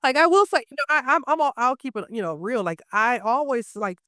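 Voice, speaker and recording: An American woman, a teacher living abroad, chatting casually as an interview guest. She tells animated stories, leans heavily on "like" and acts out what others said. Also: high-pitched, fairly quick, dry recording, clean studio sound. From United States. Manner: animated storyteller, heavy use of "like", acts out quotes.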